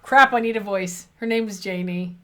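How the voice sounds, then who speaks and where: A woman's voice: mid-range voice, normal speed, sharp tone. A woman co-hosting a game stream, chatting playfully while choosing options. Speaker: co-host playing a game aloud. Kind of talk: casual playthrough chat.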